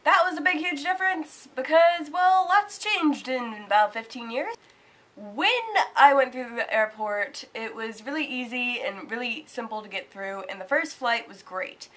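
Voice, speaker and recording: A young woman vlogging, casually telling a story, animated and swearing casually. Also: fairly high pitch, moderate pace. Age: young adult.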